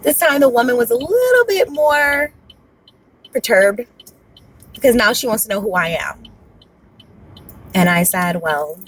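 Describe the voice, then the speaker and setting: A woman's voice: a little high, unhurried, pauses often, no room sound, low-quality recording. Candid woman in her thirties telling a personal story. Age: 30s. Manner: candid and expressive, with emphatic repetition. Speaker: vlogger.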